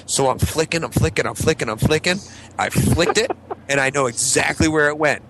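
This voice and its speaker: A man's voice: a little high, brisk, heavy background noise. A young man in casual crude chat, telling rambling stories and laughing at himself. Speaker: show regular.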